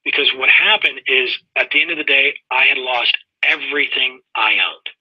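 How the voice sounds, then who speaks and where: Middle-aged man, webinar presenter, folksy storytelling, talks to his listeners, husky, muffled lo-fi audio. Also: medium pitch, moderate pace, no echo.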